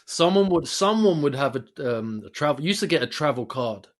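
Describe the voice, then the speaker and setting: A man's voice: a little high, normal speed. A man, co-hosting a casual podcast chat and acting out the people in his stories. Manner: animated storyteller who acts out the people in his stories. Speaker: podcast co-host.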